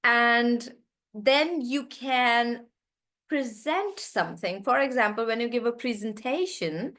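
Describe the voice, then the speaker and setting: A woman with a somewhat high voice teaches an online class. She explains patiently and says the key words slowly so the stress is clear. She speaks straight to her students as she goes through each example. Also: steady tone, fairly bright tone. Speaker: English teacher.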